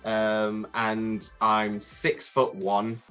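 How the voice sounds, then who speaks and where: A man, a podcast guest telling a rambling, animated story with many restarts. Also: lowish voice, extremely slow, clean tone, soft background music. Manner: animated, acts out crowd voices. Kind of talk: casual storytelling.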